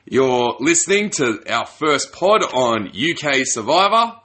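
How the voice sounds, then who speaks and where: A man's voice: mid-range voice, big pitch swings, a little slow, bright, forceful tone. An Australian man hosting a casual podcast, chatty and laid-back, laughing easily. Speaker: podcast host.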